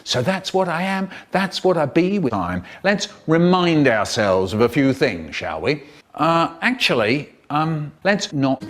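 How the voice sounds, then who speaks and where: A man telling comic stories in a playful, animated way, breaking into sound effects and squeals. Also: on the high side, slow, soft background music. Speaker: storyteller. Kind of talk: comic storytelling, chopped into a remix.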